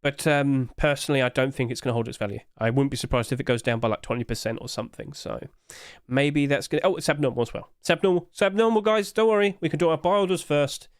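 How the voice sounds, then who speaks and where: A man's voice: mid-range voice, fast, no room sound, studio quality. A man hosting casual commentary, chatty and hedging, with apologetic asides, recorded at home on a desk mic. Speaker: host.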